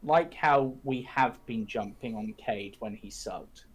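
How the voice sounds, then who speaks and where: A man's voice: mid-range voice, takes it slowly, breathy edge. A man narrating as game master for an online tabletop game, explaining rules steadily and laughing often. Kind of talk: running a tabletop game over voice chat.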